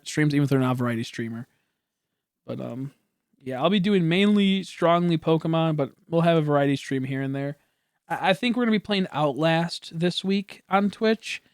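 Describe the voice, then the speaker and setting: A man's voice: fairly high pitch, clean tone, no room sound, studio quality. A young man streaming from home, chatting casually in a rambling, self-correcting way, swearing now and then and coughing at times. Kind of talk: casual chat.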